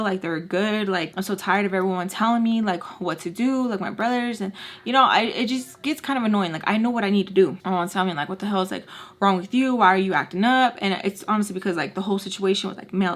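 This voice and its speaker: Young woman, storytime vlogger, conversational and filler-heavy, mid-range pitch. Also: fairly bright tone. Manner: chatty, filler-heavy, acts out quoted lines. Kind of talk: casual storytime vlog.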